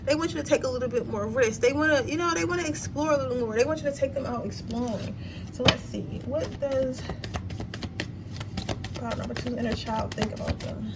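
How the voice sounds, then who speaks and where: A woman's voice: high voice, fairly quick, heavy background noise. A young woman giving a casual pick-a-card tarot reading, blunt, slangy and full of profanity. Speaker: tarot reader.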